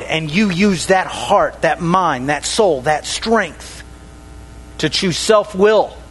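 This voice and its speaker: A man preaching a sermon to a congregation, pausing dramatically, dropping his voice on key words and calling for responses. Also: fairly bright tone. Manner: dramatic pauses, drops voice low on key words.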